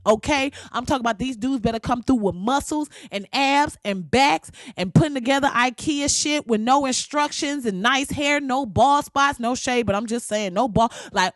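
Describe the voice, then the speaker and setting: A woman in her thirties hosts her own talk show in a loose, profane rant. Her voice is mid-pitched and leaps sharply upward when she stresses a point. The recording is dry and close, with no room sound. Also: no echo. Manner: loud, profane, animated, swings up high for emphasis. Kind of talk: casual solo commentary.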